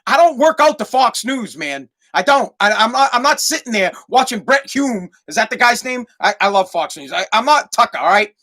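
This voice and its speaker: A man's voice: very high-pitched, big pitch swings, moderate pace, hardly any pauses, bright, forceful tone. A man from Massachusetts hosting a solo podcast, rambling through a profane comic rant and repeating himself as he goes. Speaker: podcast host.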